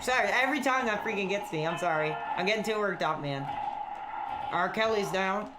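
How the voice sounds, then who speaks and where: A man streaming a wrestling video game late at night, rambling and shouting excitedly at the action. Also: high voice, brisk, heavy background noise. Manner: excitable, loud outbursts, rambling. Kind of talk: excited gameplay commentary.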